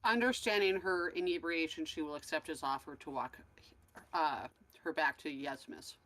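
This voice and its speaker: A woman's voice: sits low, moderate pace, fairly bright tone. A woman playing in a casual tabletop game, playful and joking. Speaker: player. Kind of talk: tabletop role-play.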